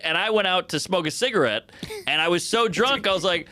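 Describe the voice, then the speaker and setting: A man's voice: high voice, animated, fairly quick, bright, forceful tone, slight background noise. A man from New Orleans in his forties, a comedian telling a wild party story in casual podcast talk, acting out voices and sounds as he goes. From New Orleans, USA. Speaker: comedian guest.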